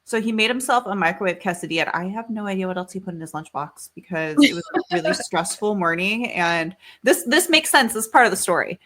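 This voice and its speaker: A woman's voice: mid-range voice, animated, fast, few pauses, sharp tone, slight background noise. A woman in her thirties, a podcast co-host, telling a story in casual chat. She rambles with many fillers and swears freely.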